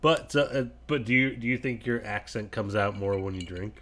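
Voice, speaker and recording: A man's voice: on the low side, normal speed, a bit bright. A man from co-hosting a casual podcast, teasing his friends in a jokey way. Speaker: podcast co-host. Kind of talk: casual chat.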